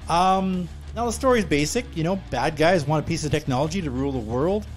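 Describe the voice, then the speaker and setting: Jokey man with a higher, animated voice. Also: fairly quick, faint music behind. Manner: laid-back, jokey. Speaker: podcast film reviewer. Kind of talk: casual review chat.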